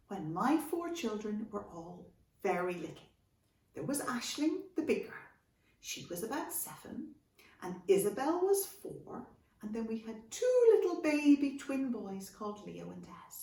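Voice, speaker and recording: Animated Irish woman telling children a story. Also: mid-range voice. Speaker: children's author. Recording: echoey room, from a distance.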